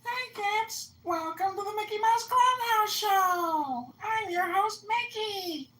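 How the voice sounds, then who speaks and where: A man's voice: extremely high pitch, slow, pushed and bright, recorded from a distance, pitched above the performer's own voice, heavily acted. A man voicing a cheerful cartoon mouse host, in a roomy echo.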